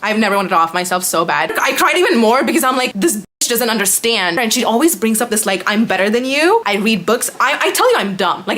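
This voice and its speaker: Exasperated young woman ranting to camera. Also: a little high. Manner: animated, exasperated, sarcastic, talks fast with lots of 'like'. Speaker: vlogger. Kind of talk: storytime rant.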